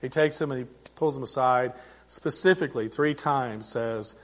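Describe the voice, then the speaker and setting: Preaching at normal speed in a medium pitch, a middle-aged pastor talks through his sermon in a conversational manner. He keeps restarting sentences, and his volume rises and falls.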